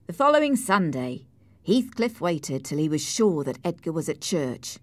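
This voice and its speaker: A woman narrating a storybook in a measured, clear reading voice. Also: sits low, very animated, no echo.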